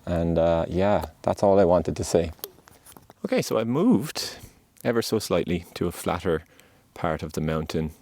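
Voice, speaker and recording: Deep-voiced, earnest man speaking gently. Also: lively intonation, moderate pace. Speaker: podcast host. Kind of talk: heartfelt motivational monologue. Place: outdoors on a mountainside.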